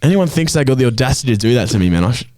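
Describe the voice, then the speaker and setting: Fast-talking man ranting. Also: medium pitch, expressive, darkish tone, no echo, clean studio sound. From Australia. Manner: ranting, swears a lot. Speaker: podcast co-host. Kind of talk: casual chat.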